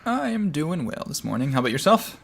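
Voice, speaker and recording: A man's voice: a little high, big pitch swings, brisk, vocal fry, husky. A man co-hosting a casual tech chat show from a coffee shop, laid-back with dry humor. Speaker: co-host.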